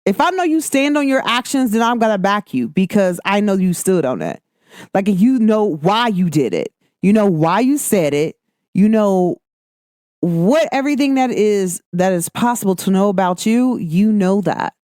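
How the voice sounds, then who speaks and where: A woman hosts a casual talk show and talks in a lively, emphatic way. She slips into a higher voice when she acts out what people said to her. The sound is dry and close, with no room echo. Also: normal speed. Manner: animated, emphatic, acts out quoted exchanges in a higher voice. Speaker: podcast host. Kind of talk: casual monologue.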